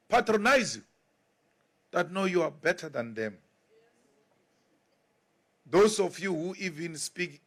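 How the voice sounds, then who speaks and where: Slow, high-voiced South African man. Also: fairly bright tone. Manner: emphatic and repetitive, with rhetorical questions. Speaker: political party leader. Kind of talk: public political speech.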